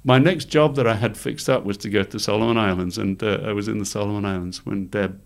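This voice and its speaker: A middle-aged man, telling lively stories as an interview guest and laughing often. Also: fairly low pitch, quick pace, creaky. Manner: animated anecdotes, laughs often, acts out quoted voices. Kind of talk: storytelling in conversation.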